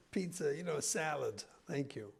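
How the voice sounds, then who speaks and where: A man's voice: fairly high pitch, lively intonation, measured pace, creaky, slightly rough, exaggerated voice. Man quoting a worn-out young wife, pleading. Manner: pleading, then hurt and testy. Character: frustrated young wife wanting a night out.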